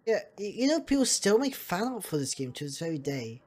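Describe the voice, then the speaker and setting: A woman's voice: on the low side, very animated, fairly quick, darkish tone, slightly rough. A woman streamer chatting casually while playing a game and reading its lines aloud. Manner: chatty, reads character lines in varied voices. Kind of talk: casual gameplay commentary and reading dialogue aloud.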